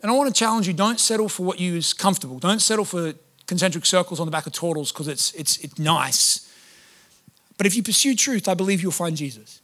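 A pastor preaching a sermon in a chatty, humorous way, with lively storytelling. His voice sits high and sounds bright. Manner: conversational and humorous, animated storytelling.

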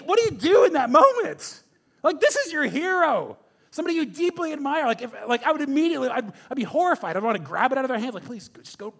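A man preaching a sermon, telling a story with animated questions to the congregation. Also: high voice. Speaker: pastor.

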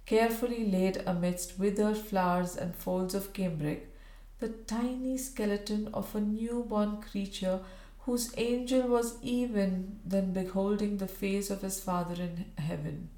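A woman's voice: fairly low pitch, warm tone. Woman reading a Victorian story in a roomy space. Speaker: audiobook reader. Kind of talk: storybook narration. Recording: roomy echo.

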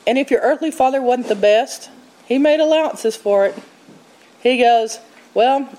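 A woman teaching on scripture in a conversational, animated way, quoting verses and acting out what people said. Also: a little high, poor audio. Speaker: Bible teacher.

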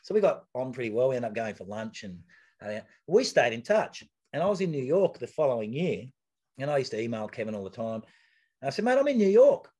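A middle-aged man, sitting as a guest in a podcast interview. He tells stories in a casual, lively and chatty way, often tripping over and repeating words as he goes. His voice sits at an ordinary mid pitch. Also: a little fast. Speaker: podcast guest, retired athlete.

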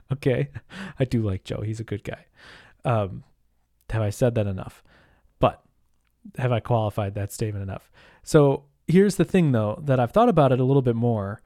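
A man's voice: mid-range voice, mellow, dry recording, clean studio sound. A man hosting a podcast on his own, talking in a rambling, casual way with lots of fillers, restarts and mild swearing. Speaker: podcast host. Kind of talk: casual solo podcast monologue.

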